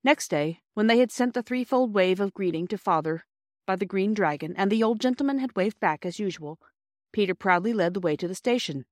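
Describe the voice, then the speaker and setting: A woman narrating a classic children's storybook in a measured, clear reading. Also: mid-range voice, animated, darkish tone, dry recording, studio quality. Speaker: audiobook narrator.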